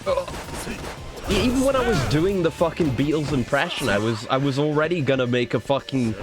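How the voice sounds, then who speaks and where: A man's voice: fairly high pitch, lively intonation, fairly quick, over loud music. A young man streaming a game, rambling and swearing in a self-mocking, casual commentary.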